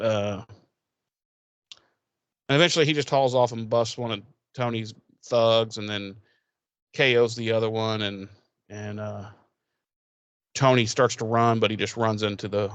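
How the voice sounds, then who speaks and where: With a lowish voice and no echo around it, this male podcast co-host gives a rambling, profane episode recap. He laughs often and acts out what the characters say.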